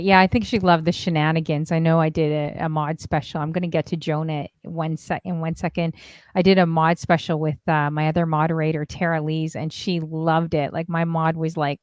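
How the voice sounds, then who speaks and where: A woman's voice: sits low, little pitch movement, normal speed, no room sound. A woman hosting a casual group call on her stream, chatty and gushing, laughing often. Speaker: stream host and DJ.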